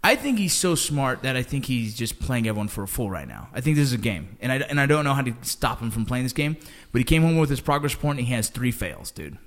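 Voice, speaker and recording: Animated man telling a story. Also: medium pitch, quick pace, few pauses. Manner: animated storyteller, says bro and dude a lot. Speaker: podcast host. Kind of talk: casual chat.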